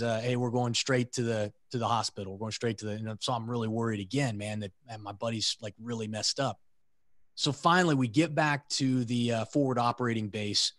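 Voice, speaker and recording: Animated man telling war stories. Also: no room sound, studio quality. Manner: animated storyteller, swears freely, voices comrades in a high excited pitch. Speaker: podcast guest, military veteran. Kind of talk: casual storytelling.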